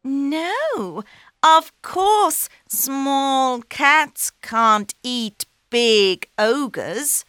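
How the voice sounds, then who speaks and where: A woman voicing a clever male talking cat in a storybook, high-pitched and excitable. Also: drawn-out words, dry recording, studio quality, heavily acted. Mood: eager. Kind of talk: storybook reading.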